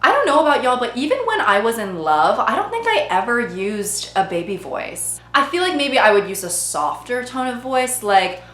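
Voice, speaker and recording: A woman's voice: a little high, big pitch swings, normal speed, hardly any pauses, fairly bright tone. A woman hosting a comedic commentary video, sarcastic and playful in her delivery. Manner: sarcastic, playful, slips into mock voices. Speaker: YouTube host. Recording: echoey room with faint music.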